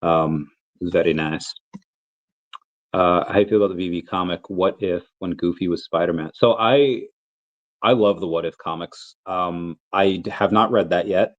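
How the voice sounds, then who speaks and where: A man's voice: low voice, fairly even intonation, moderate pace, muffled recording. A man in his thirties with the flu, coughing now and then, hosting a casual livestream Q&A and rambling through his thoughts with many restarts. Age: 30s. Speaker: crypto livestream host.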